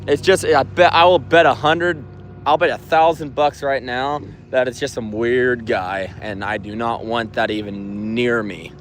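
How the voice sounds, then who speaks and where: A young man casually chatting on a livestream at night outdoors, reading viewer comments in a relaxed, slangy way. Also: medium pitch, measured pace, a little hiss or hum. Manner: laid-back, slangy, reads comments aloud. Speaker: livestream host reading chat. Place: outdoors at night on a work site.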